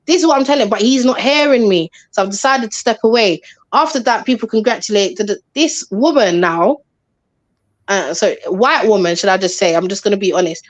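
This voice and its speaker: A woman telling a story on a live panel, animated and chatty, acting out what people said. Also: mid-range voice, fairly quick, no room sound. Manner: animated, acts out quotes, chatty slang. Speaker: panel guest.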